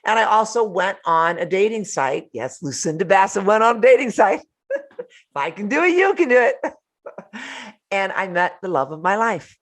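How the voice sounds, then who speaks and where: An older woman hosting a live motivational talk from home, animated and playful, laughing often between remarks. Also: mid-range voice, moderate pace. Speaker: host.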